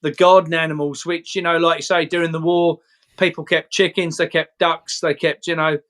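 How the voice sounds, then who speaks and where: A man's voice: a little high, flat delivery, normal speed, a bit bright. A man talking as a guest, earnestly sharing his opinions. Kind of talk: casual chat.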